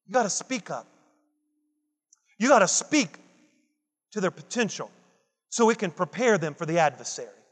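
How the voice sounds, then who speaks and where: A man's voice: high voice, very animated, normal speed, pauses often, a bit bright, slightly rough, long reverb tail. A man preaching a Father's Day sermon, emphatic and repetitive, building intensity as he quotes scripture. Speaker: pastor.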